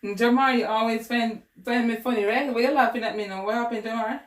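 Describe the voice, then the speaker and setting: A woman's voice: fairly high pitch, fairly even intonation, a little fast. Caribbean woman doing a math livestream, chatty, answers the chat, kinda echoey room. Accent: Caribbean English. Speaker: math tutor. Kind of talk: casual livestream lesson.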